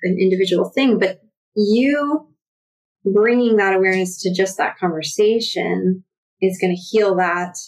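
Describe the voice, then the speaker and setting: A woman with a mid-range voice speaks in a podcast conversation. She talks reflectively and thinks aloud, often pausing on fillers. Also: mid-range voice, a little mellow, low-quality recording.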